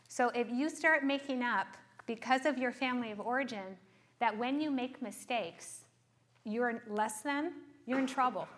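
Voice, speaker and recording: A middle-aged woman with a fairly high voice talks as a therapist. She explains ideas earnestly to listeners, stopping often to ask whether they follow. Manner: earnest, checks in with frequent rhetorical questions. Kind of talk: explaining to an audience.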